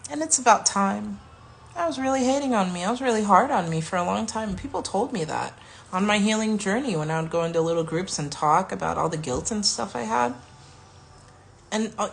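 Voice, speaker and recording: A woman around forty, talking candidly and warmly about her self-healing in a casual vlog, sometimes dropping to a soft whisper. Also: mid-range voice, creaky. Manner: chatty, candid, self-affirming. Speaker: vlogger.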